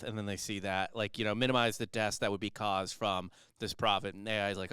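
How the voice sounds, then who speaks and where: A man's voice: on the low side, level tone, quick pace, hardly any pauses, fairly bright tone, clean tone, no echo, clean studio sound. A man from Missouri co-hosting a casual podcast, joking around, swearing and mimicking voices. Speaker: co-host.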